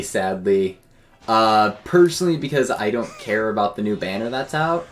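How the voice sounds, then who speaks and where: A man's voice: lowish voice, animated, moderate pace, soft background music. A young man streaming games and telling a story in a rambling, filler-heavy, self-deprecating way. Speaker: game streamer. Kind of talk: casual storytelling while streaming.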